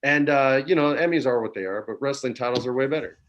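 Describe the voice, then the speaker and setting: A man in his forties from New Mexico, a guest telling stories in a relaxed chat, dropping "man" and "dude" often, on a video call from home. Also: mid-range voice, fast, highs cut off. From New Mexico, USA. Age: 40s. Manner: laid-back, peppers talk with "man" and "dude". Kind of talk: casual storytelling chat.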